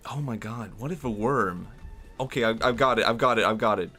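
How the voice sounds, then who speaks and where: A man's voice: medium pitch, a little fast, pushed and bright, soft background music. A man streaming a game and chatting casually, rambling and giggling through playful, absurd tangents. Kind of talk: casual gameplay commentary.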